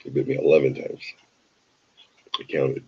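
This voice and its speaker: A man's voice: rumbling low, little pitch movement, normal speed, gravelly, breathy edge, highs cut off. A tired man hosting a show, telling a rambling, wry, self-deprecating anecdote full of digressions. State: tired from an early start. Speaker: show host. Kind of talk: casual anecdote storytelling.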